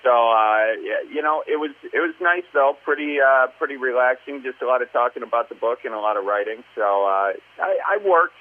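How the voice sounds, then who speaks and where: A man's voice: medium pitch, expressive, a little fast, few pauses. Brief: male comedian guest from the Midwest, loose and filler-heavy, heard over a tinny phone line. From American Midwest. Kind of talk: casual interview chat.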